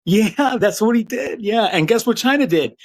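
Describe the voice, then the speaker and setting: A man's voice: high-pitched, lively intonation, normal speed, rough recording. A man giving sarcastic, profane political commentary on a live stream.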